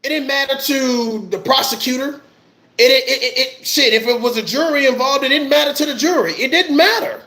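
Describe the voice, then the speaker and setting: High-voiced man on a heated rant. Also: moderate pace, pushed and bright. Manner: impassioned ranting with repeated phrases. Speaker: army veteran commentator. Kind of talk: heated livestream commentary.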